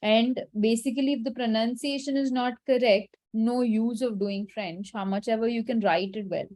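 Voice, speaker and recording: A woman leads an online French class. She speaks in a somewhat high voice, patiently instructive and gently firm. She sounds like she is on a video call. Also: steady tone, normal speed. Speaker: French teacher.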